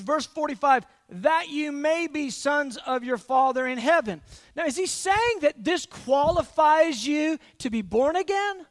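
A man with a strikingly high voice and a gravelly edge preaches in a loose, talky style, stumbling over repeated words as he acts out everyday scenes. His voice sounds close and dry. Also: measured pace, no echo. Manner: animated, acts out everyday scenes with frequent restarts. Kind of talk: conversational sermon.

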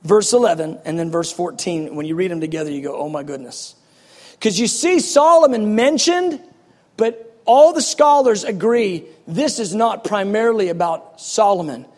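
A man preaching a passionate, animated sermon, reading scripture and acting out its scenes. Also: high-pitched, in a large hall. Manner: passionate, animated, quick bursts.

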